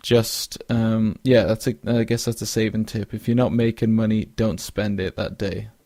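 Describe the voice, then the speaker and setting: A man's voice: fairly low pitch, little pitch movement, normal speed, mellow, no echo, studio quality. A young man hosting a casual solo podcast, rambling with lots of fillers and restarts and yawning now and then. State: yawning, drowsy. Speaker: podcast host.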